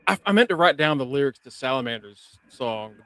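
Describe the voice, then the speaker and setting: A man co-hosting a casual podcast, recapping an episode in an animated way, swearing and laughing often. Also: medium pitch, brisk, no room sound.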